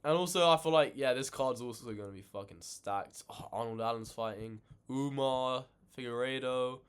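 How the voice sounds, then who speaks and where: A man ranting in casual reaction commentary, animated and swearing a lot, exasperated. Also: mid-range voice, normal speed, clean tone. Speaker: reaction channel host.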